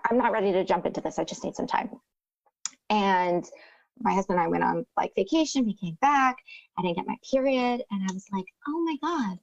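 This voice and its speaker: A woman's voice: medium pitch, gravelly, highs cut off. A woman in her thirties from Texas, chatting casually and acting out quotes as she tells a story. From Texas, Rio Grande Valley. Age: 30s. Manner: animated storyteller, acts out quotes. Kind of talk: casual chat.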